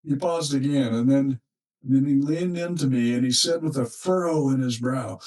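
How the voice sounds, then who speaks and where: A man working as a relationship counselor, speaking in a slow, measured, reflective monologue with thoughtful pauses. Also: mid-range voice, a little mellow, distant mic, poor audio.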